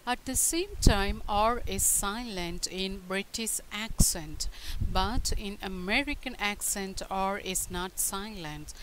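A woman giving a scripted pronunciation lesson, saying each word slowly and deliberately. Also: mid-range voice, a bit bright, a little hiss or hum, low-quality recording. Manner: slow, deliberate word-by-word delivery. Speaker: pronunciation tutor.

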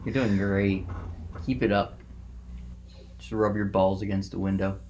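A man with a fairly low voice keeps up a joking, teasing commentary as his friend plays. A faint hiss sits under the recording. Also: little pitch movement, unhurried, a little mellow. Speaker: gaming co-host. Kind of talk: casual let's-play banter.

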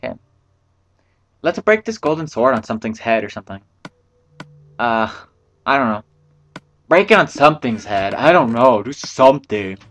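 A man's voice: mid-range voice, big pitch swings, normal speed, pauses often, a bit bright. A man giving casual let's-play commentary, rambling to himself and swearing freely. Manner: rambling, profane, talks to himself. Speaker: gameplay commentator.

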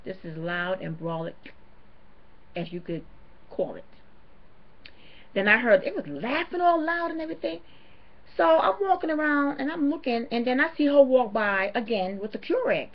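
A woman rants to camera, indignant and emphatic, repeating her points for effect. Her voice sits fairly high, and the home-video audio is dull and lo-fi. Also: moderate pace, pauses often. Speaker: vlogger. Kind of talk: ranting to camera.

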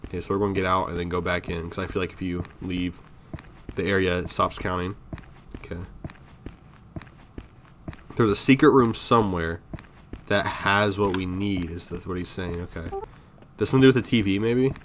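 A man's voice: sits low, normal speed, pauses often, fairly bright tone, slight background noise. Jumpy, foul-mouthed man playing horror game. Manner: jumpy, swearing, talks to himself and viewers. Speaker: gaming video creator. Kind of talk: casual horror game commentary.

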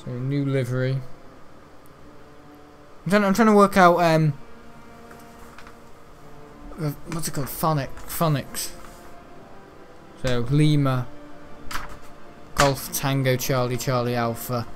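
A man's voice: mid-range voice, slow, long pauses, faint music behind. A man rambling chattily as host of gameplay commentary, with casual swearing and restarts. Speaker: gaming channel host.

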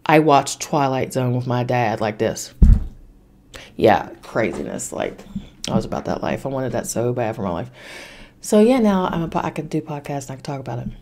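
A woman with a low, mellow voice hosts a casual spiritual self-help podcast. She talks bluntly and emphatically, swears without hesitation and drives her advice home by repeating it. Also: very animated, normal speed. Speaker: podcast host.

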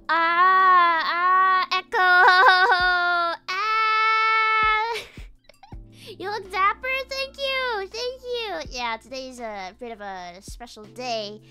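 High, lively, giggly nervous woman. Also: measured pace, few pauses, soft background music. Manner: nervous, giggly and excitable, bursting into squeals; rambling with many fillers and restarts. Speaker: streamer hosting a palm reading stream. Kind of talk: casual livestream chat.

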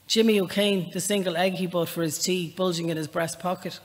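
A woman's voice: lowish voice, fairly even intonation. Irish woman reading aloud in a reverberant hall. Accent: Irish, with a northern lilt. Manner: chatty and self-deprecating, then measured reading. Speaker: author. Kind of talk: live conversation and reading aloud from a novel. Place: public library event space, indoors.

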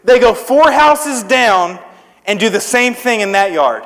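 Young guy preaching, jokey and chatty, kinda high voice, big echoey hall. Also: animated, measured pace, a bit bright. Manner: joking, self-deprecating, conversational. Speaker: traveling preacher. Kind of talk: youth sermon with storytelling. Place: church service with audience. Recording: long hall reverb.

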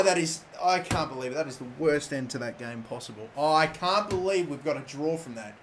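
A young man giving live commentary over a football video game, excitable and swearing, sometimes shouting at the game. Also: on the high side, brisk, a little hiss or hum. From Australia. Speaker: gaming YouTuber.

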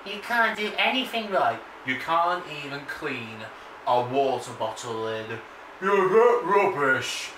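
A man's voice: fairly high pitch, sing-song, slow. A man voicing a mocking male heckler who jeers and insults him, in an echoey room from a distance. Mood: scornful. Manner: taunting, insulting, childish jeers. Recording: echoey room, distant mic, background noise.

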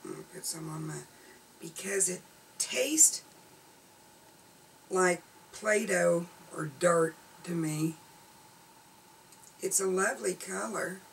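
A woman's voice: lowish voice, slow, gravelly, long pauses. A middle-aged woman with a Southern US accent, reviewing makeup in a blunt, chatty way at home. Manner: chatty, blunt, laughing asides. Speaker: beauty vlogger. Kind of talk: casual product review. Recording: slightly distant camera audio with faint room noise.

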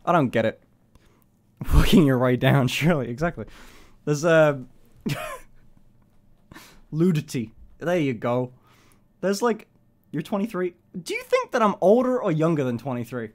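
A man's voice: on the high side, expressive, measured pace, pauses often. A man in his twenties chatting casually on a live stream, swearing freely, laughing often and rambling in a self-conscious way. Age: 20s.

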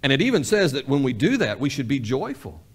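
A man's voice: medium pitch, big pitch swings, fairly quick, slightly rough. A male pastor delivering a sermon in a folksy way, repeating key phrases for emphasis and acting out imagined conversations. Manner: acts out both sides of imagined dialogues. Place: church sanctuary.

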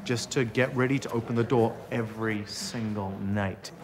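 A man's voice: lowish voice, steady tone, normal speed, background noise. A man working as a head chef, talking intensely and swearing as he barks orders. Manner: intense, profane, barking orders. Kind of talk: documentary interview and kitchen shouting. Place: restaurant kitchen.

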